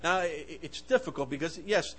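A man delivers a fervent sermon in a slightly high voice. He swings between loud, emphatic bursts and hushed asides. He often stumbles and restarts his words as he goes. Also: expressive, moderate pace, husky, low-quality recording. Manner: impassioned, swings loud and soft, stammering restarts. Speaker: preacher.

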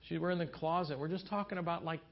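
A man's voice: a little high, steady tone, fast talker, vocal fry, dull audio. A middle-aged man, a pastor, telling stories at a marriage seminar and acting out his wife's lines in a raised voice.

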